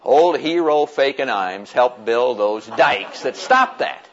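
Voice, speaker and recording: An older man from the United States recounts a story with animated energy, often chuckling and acting out the voices of people he met. His voice sits at an ordinary pitch for a man. The recording sounds dull and lo-fi. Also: slow pace. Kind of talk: personal storytelling to an audience.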